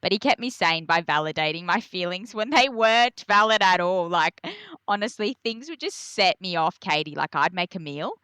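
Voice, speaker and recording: A young Australian woman tells her stories as a podcast guest, slipping into high, animated voices when she quotes herself. Her tone is bright and forceful, recorded close and dry. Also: moderate pace, smooth, dry recording. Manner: animated, acts out her own past lines in a high voice. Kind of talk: candid conversational storytelling.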